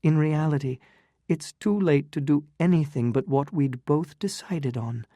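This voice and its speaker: Storybook heroine, read aloud by a narrator as a proud, heartbroken young woman pleading with her lover; keep it slow and close. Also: sits low, dark tone, no room sound. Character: proud, wounded young countess in love.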